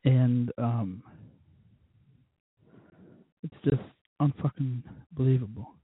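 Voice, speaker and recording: A man's voice: fairly high pitch, fairly even intonation, moderate pace, no room sound. A man hosting his own show, ranting bluntly and cussing about people he finds ridiculous. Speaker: podcast host. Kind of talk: profane casual monologue rant. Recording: tinny phone-like dry audio.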